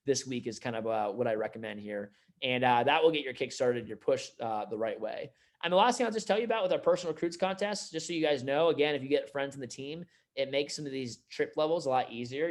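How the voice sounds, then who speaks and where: A man running a sales team meeting, giving an energetic motivational talk full of "like" and "you know". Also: mid-range voice.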